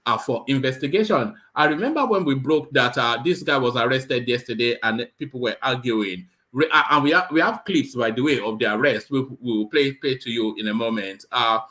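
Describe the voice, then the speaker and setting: A man hosting a live show, reading a news report aloud and breaking off with halting, sarcastic comments full of fillers. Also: mid-range voice, pushed and bright. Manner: halting, many fillers and repeated words; sarcastic asides.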